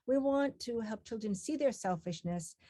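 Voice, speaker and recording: A woman teaching parents in a calm webinar chat, giving example phrases for them to use. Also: fairly high pitch, normal speed, no room sound, studio quality.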